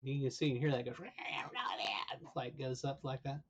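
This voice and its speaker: A man's voice: mid-range voice, level tone, fast, warm tone. A man live-streaming an online role-playing game, chatting casually and muttering as he troubleshoots his audio, his voice cracking now and then. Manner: muttering, troubleshooting aloud, mildly exasperated.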